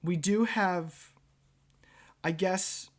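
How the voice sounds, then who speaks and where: A man's voice: sits high, drawn-out words. A man narrating and running a tabletop game as game master, in a casual way with frequent fillers and swearing.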